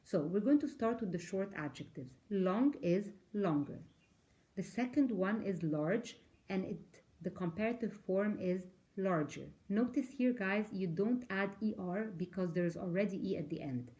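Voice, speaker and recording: A woman's voice: mid-range voice, normal speed, mellow. A woman teaching an English grammar lesson, explaining patiently step by step, asking questions and spelling words out. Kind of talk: recorded online grammar lesson.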